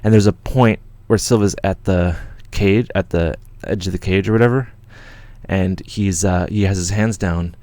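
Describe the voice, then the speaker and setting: A man from Canada tells a story on his livestream in a deep, low voice. He rambles, restarts and swears freely as he gets worked up. The sound is dry and close, with no room echo. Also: moderate pace, mellow. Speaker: channel host.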